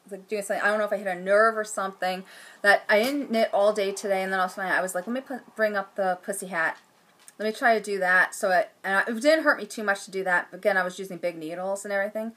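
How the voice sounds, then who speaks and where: A woman in her thirties talks casually as host of a knitting podcast, gushing with enthusiasm. Her voice is bright and sits at an average pitch. Now and then she drops into a hushed aside. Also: fast. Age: 30s. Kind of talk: casual chat.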